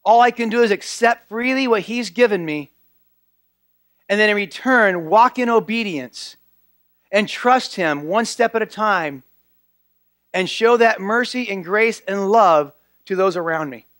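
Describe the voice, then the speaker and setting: A man with a notably high voice delivers a church sermon. He speaks earnestly and drives points home by repeating key phrases. The sound is dry and close, with little room echo. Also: a little slow, fairly bright tone. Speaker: pastor.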